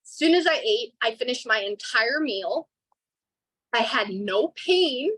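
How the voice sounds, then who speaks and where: A woman's voice: on the high side, animated, measured pace, fairly bright tone, dry recording, rough recording. A woman in her twenties giving an earnest, emotional testimonial in a casual online call. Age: 20s.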